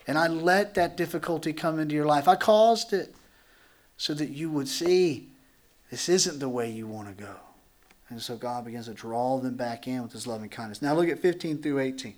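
A man's voice: medium pitch, moderate pace. A man preaching as a pastor in a church, teaching through a Bible passage in a conversational way, acting out voices and joking with the congregation. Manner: animated, acts out dialogue, jokes with the congregation.

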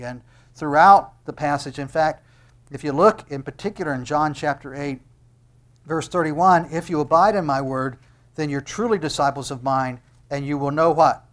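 A man preaching a sermon, swinging between loud emphatic declarations and hushed tender lines, often asking rhetorical questions. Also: a little high, normal speed. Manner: asks the audience rhetorical questions.

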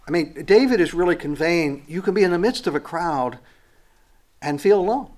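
Reflective male preacher, hushed to emphatic. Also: fairly high pitch, lively intonation. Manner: reflective, with frequent fillers and pauses; swings between hushed lines and emphatic rising phrases. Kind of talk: sermon.

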